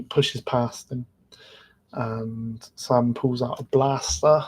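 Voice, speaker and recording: A man's voice: mid-range voice, little pitch movement, slow, darkish tone. A man retelling events of a series in a loose, rambling podcast recap, filling his sentences with "like". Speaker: podcast panelist. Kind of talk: casual episode recap.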